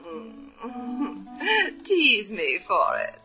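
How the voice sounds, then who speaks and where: An actress playing a flirtatious, theatrical rich woman who teases in a breathy, drawn-out way, in 1940s radio acting. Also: fairly high pitch, wildly swooping pitch, over music, full character voice, rough recording. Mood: teasing. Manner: breathy, teasing, drawn-out purring.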